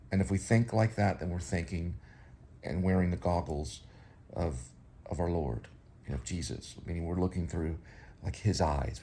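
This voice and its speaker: A man's voice: sits low, gravelly, mellow, a little hiss or hum. A man hosting a casual home vlog, rambling and reflective, often circling back to correct himself. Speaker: vlog host.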